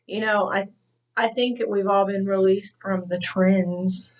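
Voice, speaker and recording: An easygoing woman co-host who keeps the chat going with quick agreement. Her voice sits in the middle of the range, and the recording is dull and lo-fi. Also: medium pitch, fairly even intonation. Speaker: podcast co-host. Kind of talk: casual chat. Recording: dull lo-fi sound.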